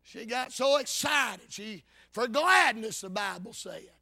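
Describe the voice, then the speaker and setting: Very high-voiced fervent preacher. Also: male voice, animated, takes it slowly, vocal fry. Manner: fervent folksy preaching, swings from loud calls to low asides. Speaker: Baptist preacher. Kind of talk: sermon.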